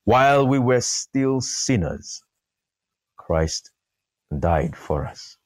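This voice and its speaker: A man preaching a sermon, slow and emphatic, repeating key phrases for weight. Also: medium pitch, big pitch swings, no room sound, clean studio sound. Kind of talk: sermon podcast.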